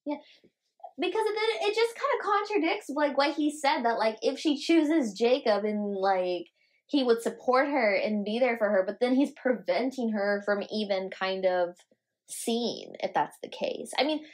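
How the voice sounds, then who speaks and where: Bright-voiced excitable young woman. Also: fairly high pitch, a little slow. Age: young adult. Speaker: podcast co-host. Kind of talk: casual chat.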